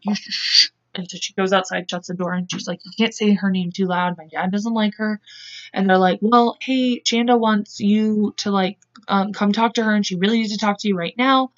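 A woman hosting a podcast, retelling a case in casual chat, acting out quotes in quick voices and speaking bluntly. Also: medium pitch, dull audio. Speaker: podcast host. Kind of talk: casual true-crime storytelling.

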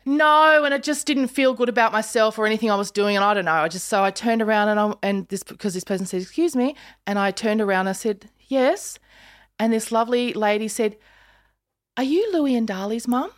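Speaking fast with few pauses, a woman in her fifties hosts a podcast in an Australian accent, her medium-pitched voice clear and resonant. Her casual storytelling is animated, and she voices the people she quotes.

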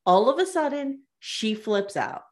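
A woman's voice: a little high, sing-song, a little slow. A woman co-hosting a podcast, retelling reality TV scenes in casual chat and laughing often. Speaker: podcast co-host.

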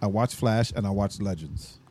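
A man co-hosting a podcast in casual chat, jokey and quick to riff and finish the other's sentences. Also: on the low side, a little mellow. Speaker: podcast co-host.

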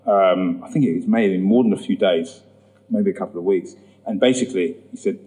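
A man telling his personal testimony in a sermon, acting out the voices in his story and rising high when he gets emphatic. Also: a little fast, mellow, poor audio. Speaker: preacher giving testimony.

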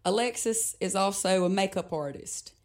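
A woman's voice: mid-range voice, moderate pace. A woman guest, a musician, telling a personal story in conversation, reflective and often laughing between sentences.

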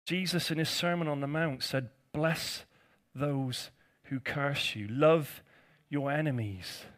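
A man's voice: on the high side, slow pace, a bit bright. A male pastor preaching a conversational sermon, with jokey asides to his congregation.

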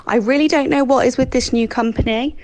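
A woman's voice: sits high, steady tone, brisk, darkish tone, slight background noise, poor audio. Exasperated woman ranting in a voice note. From England. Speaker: listener sending a voice note. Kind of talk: recorded voice note rant.

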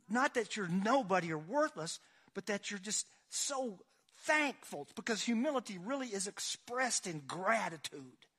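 A man's voice: sits high, a bit bright. A man preaching a sermon, reading scripture aloud with rising dramatic force and asking the congregation questions. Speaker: pastor.

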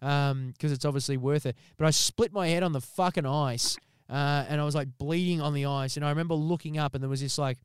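An Australian man in his thirties with a slight cold, co-hosting a podcast and telling sweary, animated stories. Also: on the high side, a little fast, hardly any pauses, clear, resonant tone, no room sound, clean studio sound. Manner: swears a lot, animated storytelling. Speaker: podcast co-host. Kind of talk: casual podcast banter. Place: studio.

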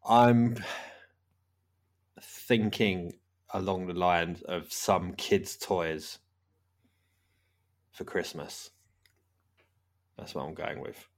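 Podcast host, man, deep low voice, rambling and laughing. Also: fairly even intonation, drawn-out words, pauses often. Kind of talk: casual chat.

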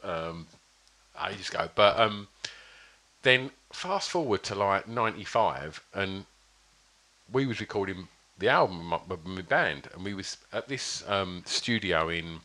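Rambling man, low bright voice. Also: expressive, measured pace. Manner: rambling anecdotal storyteller with many fillers and restarts. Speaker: podcast guest. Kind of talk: casual chat.

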